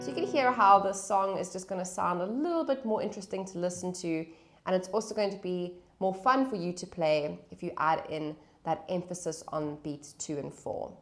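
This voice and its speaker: A woman's voice: on the low side, normal speed, fairly bright tone. A woman teaching a guitar lesson, calling out chords and counting beats aloud. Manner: patient, counts beats aloud over strumming. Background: acoustic guitar playing.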